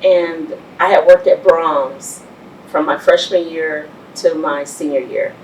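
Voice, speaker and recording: A middle-aged Texan woman who owns a business speaks as an interview guest, bluntly telling her story and acting out other people's lines. Her voice is low, fairly even, and slow, recorded on a roomy, distant mic with faint background hiss.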